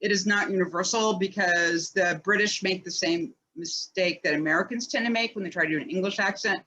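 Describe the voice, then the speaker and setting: A woman's voice: on the low side, fairly quick, bright, forceful tone, slight background noise. A woman co-hosting a casual chat and reading listener questions, talking chattily with many "like" fillers.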